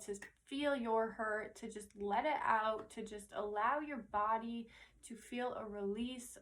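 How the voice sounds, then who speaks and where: A woman's voice: on the high side, a bit bright. A woman giving a casual, earnest spiritual talk to her viewers, rambling a little, tagging "right?" onto her thoughts and swearing now and then. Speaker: spiritual teacher and intuitive reader.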